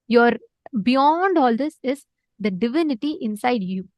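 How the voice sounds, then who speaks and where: A woman with a high voice tells a sacred story to an online class. She talks with lively energy, repeats words for emphasis and uses many filler words. The sound is dry and close. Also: unhurried, no echo. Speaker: spiritual teacher.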